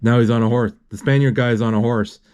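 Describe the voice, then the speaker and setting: A man retelling a movie live as he watches it, halting often and correcting himself as he goes. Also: medium pitch, steady tone, darkish tone, smooth. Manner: halting, with many restarts and self-corrections. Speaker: movie recapper.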